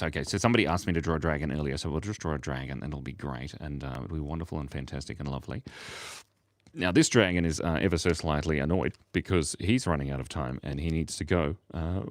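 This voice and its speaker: Low, lively-voiced man chatting while drawing. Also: no room sound. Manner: rambling, playful and self-mocking, chuckling often. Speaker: livestream artist. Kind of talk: casual live-stream chat while drawing.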